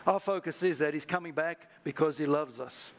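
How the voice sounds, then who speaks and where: A man with a high voice preaches to his congregation. He leads the room in call-and-response, asking listeners to repeat lines to their neighbours. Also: moderate pace. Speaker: pastor. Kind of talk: sermon. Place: church service.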